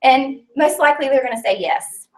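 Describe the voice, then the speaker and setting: A woman's voice: sits high, a little fast, darkish tone, far from the mic. A woman teaching a small class in a casual, chatty way, earnest and full of fillers, sometimes close to tears. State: tearful at times. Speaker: business trainer teaching a class. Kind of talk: casual live class talk. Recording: voice picked up from across a room.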